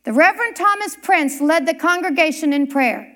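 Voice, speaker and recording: A woman preaching a sermon, telling a historical story with dramatic pauses and emphasis. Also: sits high, animated, sharp tone. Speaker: church speaker.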